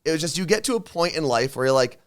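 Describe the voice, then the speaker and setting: A man co-hosting a casual talk show, chatting in relaxed, rambling thoughts. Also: on the high side, fast. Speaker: radio and podcast co-host. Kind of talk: casual chat. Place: studio.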